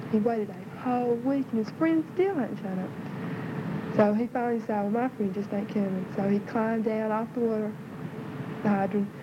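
A woman from the Southern US with a Southern accent, chatty and fast-talking, casually telling a joke. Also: a little high. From Southern United States. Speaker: storyteller. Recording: muffled, loud vehicle noise.

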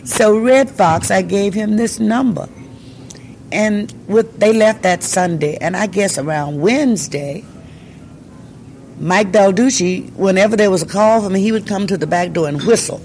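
A woman's voice: medium pitch, measured pace, a little hiss or hum. Older woman telling her story. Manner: animated storyteller who acts out quoted voices. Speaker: interviewee, singer. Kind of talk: casual storytelling.

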